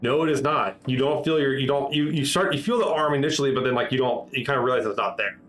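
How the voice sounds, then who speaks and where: A man's voice: mid-range voice, fast, fairly bright tone, poor audio. Rambling man running a tabletop game. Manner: rambling, many restarts and fillers. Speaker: game master.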